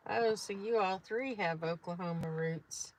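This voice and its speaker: A woman rides along on a nighttime car livestream, reading viewer comments and teasing the driver. Her voice sits slightly low and relaxed. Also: unhurried, slight background noise, low-quality recording. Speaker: co-host, passenger. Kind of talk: casual chat while riding in a car.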